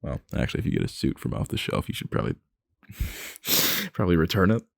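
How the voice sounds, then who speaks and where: A man's voice: low-pitched, sing-song, a little fast, creaky, no room sound. A young man in an ASMR boyfriend role-play, rambling nervously, laughing and swearing as he talks into a close mic.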